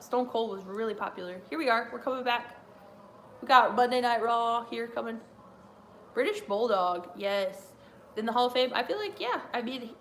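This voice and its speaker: A woman's voice: medium pitch, a bit bright, a little hiss or hum. A woman hosting a casual wrestling watch-along, chatting in a rambling way and laughing often. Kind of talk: casual live reaction chat.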